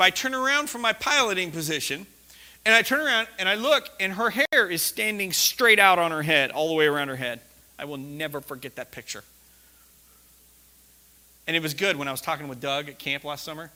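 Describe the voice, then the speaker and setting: A man preaching a sermon, telling a personal story with laughter and sudden shouted lines. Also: sits high.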